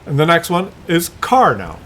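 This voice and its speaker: A man's voice: on the high side, wildly swooping pitch, normal speed, fairly bright tone, slight background noise. An older man talking in a loose, rambling monologue, often restarting words and acting out little scenes. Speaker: vlogger.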